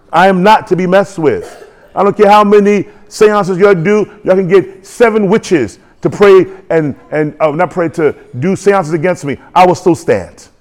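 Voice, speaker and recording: A man's voice: high voice, darkish tone. A man preaching a sermon in an emphatic call-and-response manner.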